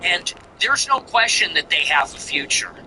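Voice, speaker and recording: A man's voice: a little high, big pitch swings, normal speed, background noise. A man hosting a commentary show, ranting contemptuously in repetitive, emphatic lists. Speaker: show host. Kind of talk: political commentary monologue.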